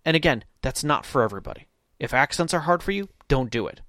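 A man's voice: on the high side, lively intonation, quick pace, bright, forceful tone, no room sound, clean studio sound. A man co-hosting a tabletop gaming podcast in casual chat, eagerly agreeing and giving firm advice. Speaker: podcast co-host.

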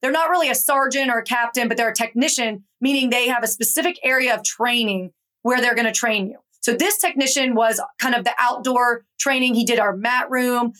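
A young adult woman from Georgia, a guest author telling her story in an animated, conversational interview. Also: a little high. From Atlanta, Georgia. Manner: animated, acts out quoted voices in her stories.

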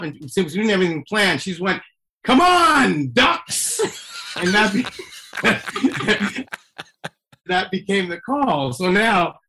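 A man with a fairly high, bright and forceful voice chats as a guest. He tells stories in an animated way, full of fillers and the occasional casual swear word. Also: slight background noise. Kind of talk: casual chat.

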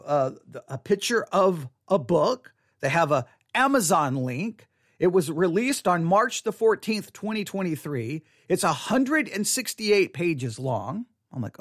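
Lively high-voiced man hosting a podcast. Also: measured pace, no echo, studio quality. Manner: rambling, repeats himself, self-interrupting. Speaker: podcast host. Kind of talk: casual devotional podcast monologue. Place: studio. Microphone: studio mic.

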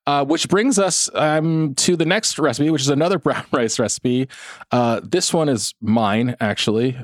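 A man's voice: medium pitch, unhurried, no echo, clean studio sound. A young man co-hosting a podcast in casual chat, laughing often and swearing offhandedly. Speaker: podcast co-host.

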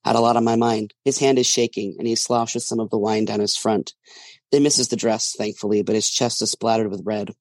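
A man, an author, reading his first-person fiction aloud in a steady storytelling manner. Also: fairly low pitch, moderate pace, no room sound.

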